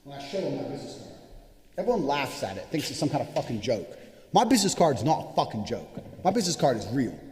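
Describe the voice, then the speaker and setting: Very animated, with a mid-range voice and darkish tone, a man acting as course instructor gives a spontaneous motivational talk, cursing often and boasting as he rushes through stories. Long reverb fills the echoey room.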